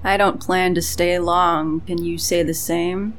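Brief: dry sarcastic adventuress, quick quips, voiced by a man, faint music. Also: sits high, little pitch movement, a bit bright, pitched above the performer's own voice.

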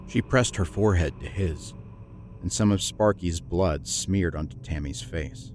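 Deep-voiced man narrating a horror story. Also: a little mellow, slight background noise. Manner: low, measured, grim storytelling.

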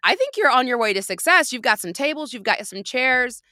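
Bright, upbeat woman podcast host. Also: high voice, very animated, a little fast, no echo, studio quality. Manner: upbeat, encouraging, playful. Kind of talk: casual chat.

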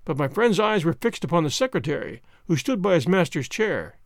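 Male narrator for an audiobook, high and lively voice, a bit gravelly. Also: brisk, hardly any pauses, no echo, clean studio sound. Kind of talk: scripted narration of a classic detective story.

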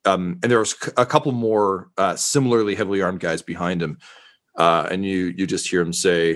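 A man acting as game master, narrating a tabletop game with a halting delivery and many fillers. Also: low voice, steady tone, fairly bright tone.

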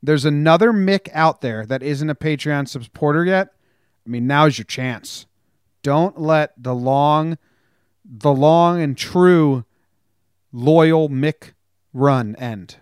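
A man hosting a casual sports podcast, upbeat and joking in fast banter with his co-host. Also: a little high, clear, resonant tone, dry recording, clean studio sound. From New Jersey.

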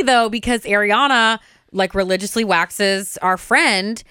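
A woman's voice: mid-range voice, a little slow, sharp tone, clear, resonant tone, no echo, clean studio sound. A young adult woman co-hosting a podcast, chatting casually and giggling as she tells stories. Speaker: podcast co-host. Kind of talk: casual chat.

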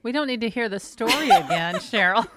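A middle-aged woman co-hosting a comedy podcast, chatting casually with dry, deadpan teasing. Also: fairly high pitch, a little fast, heavy background noise. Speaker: podcast co-host.

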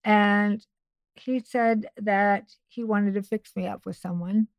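A woman's voice: mid-range voice, fairly even intonation, slow, no echo. A middle-aged woman, a podcast guest, telling a personal story in a chatty way with many asides and restarts. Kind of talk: casual storytelling.

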